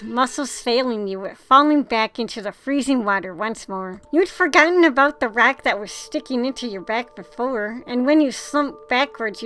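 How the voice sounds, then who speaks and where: A woman's voice: on the high side, a bit bright. A woman playing a text adventure, reading the narration aloud expressively, with casual swearing. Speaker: gamer.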